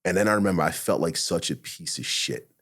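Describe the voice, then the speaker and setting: Retired cop, male, very low husky voice, rapid-fire blunt storytelling, heavy swearing. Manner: blunt, profane, animated retelling with acted-out inner quotes. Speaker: retired police officer, podcast guest. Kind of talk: casual storytelling interview.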